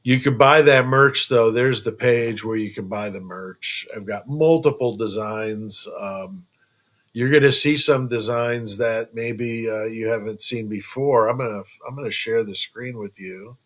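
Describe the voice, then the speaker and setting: A man with a medium-pitched, slightly bright voice hosts a casual true crime live stream from his home, speaking at a measured pace. He rambles and jokes, full of fillers and restarts.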